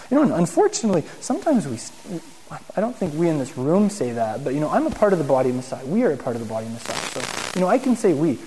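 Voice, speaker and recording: A man with a high voice gives a conversational sermon to a congregation, lively and informal, often asking his listeners questions. His voice rings through a room with a long reverb. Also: quick pace. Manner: casual and animated, asks the room questions. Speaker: teacher in a Messianic congregation.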